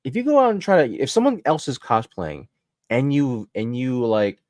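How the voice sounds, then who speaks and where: A man's voice: medium pitch, very animated, normal speed, darkish tone, dry recording. A man co-hosting a podcast, ranting heatedly and profanely in casual chat. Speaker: podcast co-host.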